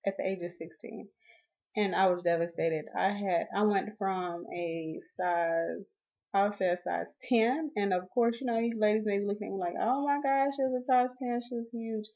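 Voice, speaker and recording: A woman in her twenties recounts her own story straight to camera in a mid-range voice. She gets animated and acts out the lines she and others said. The recording sounds dull and lo-fi. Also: mid-range voice, moderate pace, creaky. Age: 20s. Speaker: vlogger.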